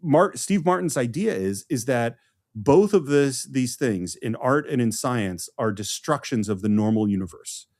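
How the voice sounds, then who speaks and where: A man's voice: medium pitch, lively intonation, a little slow, a little mellow. A man co-hosting a podcast, explaining a film in a casual, enthusiastic way with frequent restarts. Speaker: podcast co-host.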